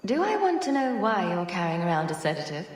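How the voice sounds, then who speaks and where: A woman's voice: lowish voice, sing-song, fairly quick, reverberant. An actress voicing a dry-witted female hero in a fantasy video game, speaking in a sardonic way. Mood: wry.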